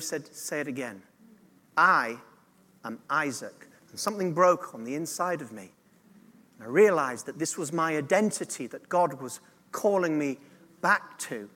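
High-voiced preaching man in echoing hall. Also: fairly quick, a bit bright. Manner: earnest preaching with audience call-and-response. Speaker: pastor. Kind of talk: sermon.

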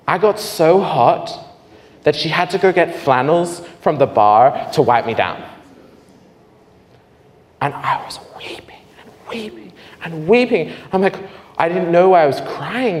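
A man giving a sermon testimony in a mid-pitched voice, telling his story with animated pitch swings and sudden hushed passages. The room rings with a long reverb, and a faint background hiss stays beneath him. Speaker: preacher. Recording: reverberant hall, faint noise.

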